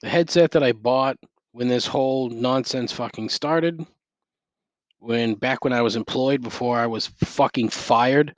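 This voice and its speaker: A man's voice: medium pitch, measured pace, no echo. Swearing over-caffeinated man ranting. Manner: ranting, sarcastic, heavy swearing. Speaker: podcast host. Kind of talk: profane solo rant. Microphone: gaming headset.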